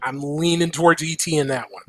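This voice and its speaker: A man co-hosting a live fighting-game show on a convention floor, giving measured predictions. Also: a little high. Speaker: co-host. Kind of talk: live event commentary, making predictions. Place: large indoor convention hall floor.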